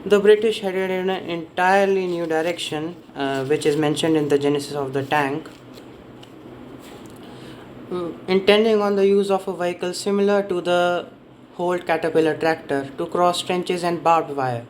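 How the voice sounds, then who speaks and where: A man's voice: high voice, fairly even intonation, moderate pace, a little hiss or hum, rough recording. A man giving a casual spoken summary of a history book, rambling and often correcting himself as he stumbles over names and dates. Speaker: book reviewer.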